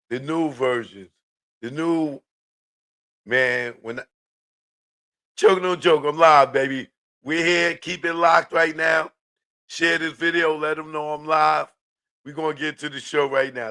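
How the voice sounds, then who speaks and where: A man hosting a casual live-stream, talking in a relaxed, slangy way and hyping up his viewers. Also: on the high side. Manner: laid-back, hypes viewers, drawn-out street slang. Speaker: live show host.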